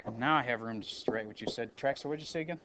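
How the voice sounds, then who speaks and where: A man's voice: mid-range voice, racing, very noisy. A man teaching a math review lesson in a classroom, talking casually, correcting himself and calling on students. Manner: casual, self-correcting, calls on students by name.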